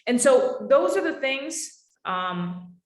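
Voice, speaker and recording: A woman's voice: sits high, very animated, takes it slowly. A young adult woman presenting a live webinar in a casual, emphatic way, often calling her listeners guys. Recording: roomy echo.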